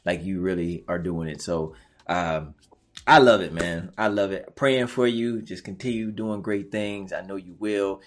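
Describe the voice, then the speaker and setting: A podcast host with a low voice chats unhurriedly in an interview. He offers encouraging, preacher-like advice and repeats himself a lot.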